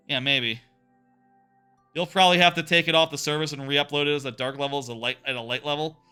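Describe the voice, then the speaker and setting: A man's voice: a little high, sharp tone, clean tone. A man streaming a video game live, chatting casually and answering his viewers' questions as he plays. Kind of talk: casual live-stream chat while gaming.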